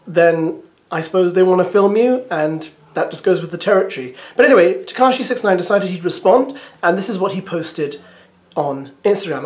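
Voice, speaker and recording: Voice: mid-range voice, darkish tone. A reaction video host giving chatty, hesitant commentary to camera, musing aloud.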